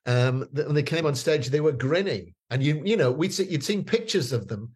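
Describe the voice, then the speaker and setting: A man's voice: a little high, expressive, fairly quick, darkish tone, breathy edge. A man, telling stories as a guest in a casual chat, rambling with many fillers and restarts. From northeast England.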